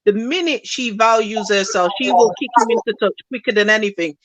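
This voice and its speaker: A woman's voice: a little high, fairly quick, a crowd in the background, low-quality recording. A woman co-hosting a casual reality TV recap, blunt and outspoken in her opinions. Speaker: co-host.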